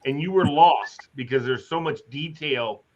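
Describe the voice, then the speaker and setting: A man's voice: fairly high pitch, measured pace. A man co-hosting a casual chat, mostly giving short replies and friendly back-and-forth. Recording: dull sound with clear noise.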